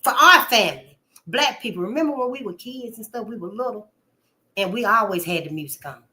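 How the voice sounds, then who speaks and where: A woman talks straight to her listeners in a loose, sassy monologue, peppering her talk with "honey" and cuss words. Her voice sits a touch high and rings bright and forceful. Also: fairly quick. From Memphis, Tennessee. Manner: animated, sassy, calls listeners honey, swears freely. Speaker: channel host. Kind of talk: casual monologue.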